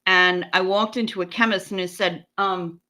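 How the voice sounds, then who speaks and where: Her voice is on the low side, steady in tone and moderately paced, yet pushed and bright. She's an American in her forties hosting a livestream on a streaming setup, chatting casually with viewers, rambling, swearing freely and responding to chat.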